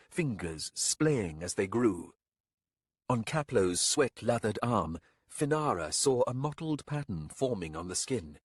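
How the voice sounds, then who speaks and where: A man reading a fantasy audiobook aloud in a measured, low-key narration. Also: husky, dry recording, studio quality. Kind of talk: scripted narration.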